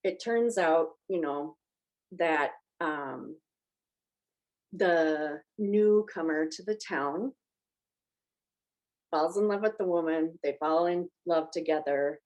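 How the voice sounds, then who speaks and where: A woman's voice: low-pitched, slow pace, long pauses, darkish tone, rough recording. A woman on a movie podcast, chatty and emotional as she retells a film's plot. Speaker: podcast panelist. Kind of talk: casual movie discussion.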